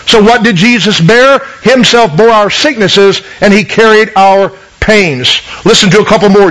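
A man with a high voice preaches a sermon, earnestly teaching and reading scripture aloud. He keeps turning to his listeners with questions. The recording has a radio broadcast sound. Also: fairly bright tone, low-quality recording.

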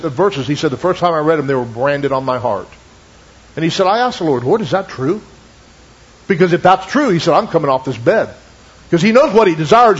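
A man preaching a sermon, retelling a testimony with many asides and quoting it in slow, lowered tones. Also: husky. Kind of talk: sermon storytelling. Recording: dull lo-fi recording.

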